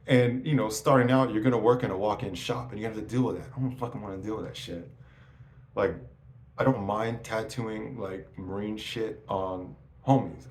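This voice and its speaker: A man's voice: lowish voice, fairly even intonation, moderate pace. A man in his forties telling stories in a casual interview, swearing often and restarting his sentences. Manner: profane, rambling, restarts often. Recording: echoey room with faint noise.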